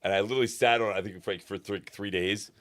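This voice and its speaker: A man co-hosting a casual chat show, telling animated stories quickly and swearing freely. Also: fairly low pitch, no room sound, clean studio sound. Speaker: podcast co-host.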